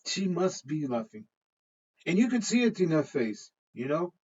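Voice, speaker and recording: A man's voice: on the high side, sing-song, moderate pace, darkish tone, husky, highs cut off. A man hosting his own channel, ranting casually to camera with frequent restarts and chuckles. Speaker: channel host. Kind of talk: casual opinion rant to camera.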